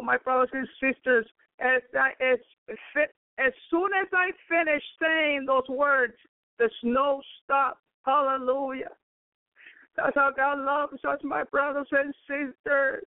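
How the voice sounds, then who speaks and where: A woman's voice: high-pitched, fairly even intonation, measured pace, no echo. A woman preacher giving a fervent spoken testimony, repeatedly breaking into praise. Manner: fervent, peppered with praise exclamations. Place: home in Chicago. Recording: dry, phone-like narrow sound.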